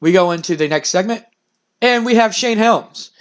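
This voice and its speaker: A man's voice: high voice, normal speed, clean tone. A man casually narrating a wrestling simulation game as the show's commentator, rambling and enthusiastic. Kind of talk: casual storytelling over a wrestling sim.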